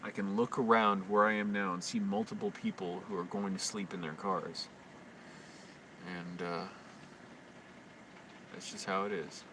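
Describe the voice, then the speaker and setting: A man rambling through a late-night livestream monologue, talking quietly and anxiously to himself with frequent restarts. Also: lowish voice, steady tone, moderate pace. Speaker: live streamer. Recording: distant mic with constant hum.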